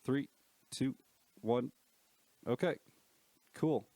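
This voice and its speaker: A man's voice: mid-range voice, very slow, dark tone, no room sound. A man hosting a casual podcast, talking in a laid-back, rambling way and swearing casually. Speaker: podcast host.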